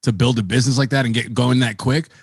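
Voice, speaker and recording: A man's voice: medium pitch, steady tone, fast talker, breathy edge, dry recording, clean studio sound. A man hosting a podcast, chatting casually with frequent stammers and restarts, now and then swearing. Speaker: podcast host. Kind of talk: casual chat.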